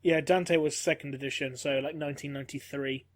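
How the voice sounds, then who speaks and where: High-voiced joking man. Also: fairly even intonation. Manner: quick, joking, sure of his facts. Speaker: podcast co-host. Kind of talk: casual podcast chat.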